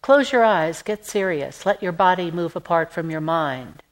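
A woman reading a literary novel aloud in an even, measured narration. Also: on the low side, poor audio. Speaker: audiobook narrator. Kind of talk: scripted narration.

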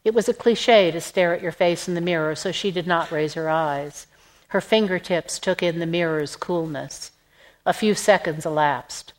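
A woman reading a literary novel aloud in an even, measured narration. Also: fairly low pitch, rough recording. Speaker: audiobook narrator. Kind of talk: scripted narration.

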